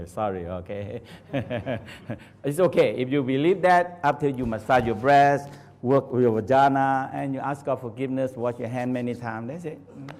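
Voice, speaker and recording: A man teaching a live workshop in non-native English, animated, laughing often and firing questions at the audience. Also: mid-range voice, normal speed. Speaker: Taoist teacher. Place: training center hall.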